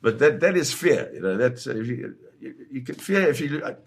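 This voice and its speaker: An older man, a war photographer, recounting a dramatic story in an interview with vivid, halting restarts. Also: medium pitch, animated, creaky.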